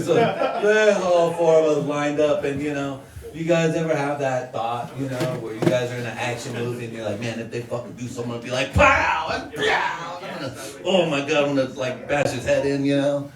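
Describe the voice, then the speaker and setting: A young man doing stand-up comedy, rambling and self-mocking, often laughing at his own jokes. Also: medium pitch. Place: small comedy open mic venue with audience. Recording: roomy sound from a distant mic, crowd noise. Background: audience laughter.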